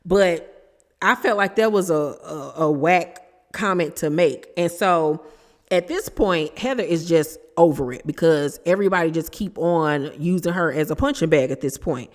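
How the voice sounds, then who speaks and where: Woman host, lower voice, chatty and sassy recapping a reality show, reverberant room. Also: moderate pace. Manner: chatty, emphatic, sassy asides. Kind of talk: casual opinionated show recap.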